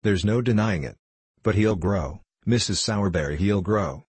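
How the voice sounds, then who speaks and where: A man puts on a pompous beadle who scolds and blusters in a deep, husky voice. The sound is close and dry, like a storybook read straight into the mic. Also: normal speed, a little mellow, no echo. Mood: stern. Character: pompous stern male parish beadle.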